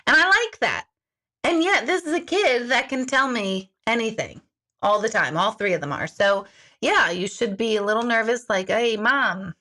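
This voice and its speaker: Bright, candid woman coach chatting live. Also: a little high, normal speed. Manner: candid, sarcastic and jokey, swears freely; animated, jumps between comments. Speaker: intuitive life coach and livestream host. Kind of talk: casual live chat answering viewer comments.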